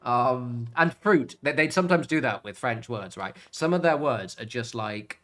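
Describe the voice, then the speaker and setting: British guy, casual gaming stream chatter, rambling, laughs a lot, mid-pitched voice, faint music behind. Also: animated, normal speed, a bit bright. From Britain. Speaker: gaming livestreamer. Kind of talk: casual chat while playing.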